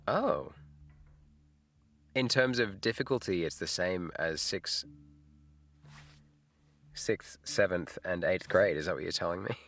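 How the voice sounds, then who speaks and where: A man's voice: low voice, takes it slowly, long pauses, a bit bright. A middle-aged man, hosting a casual livestream chat, laid-back and rambling, laughing often. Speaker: livestream host. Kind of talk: casual live chat with viewers.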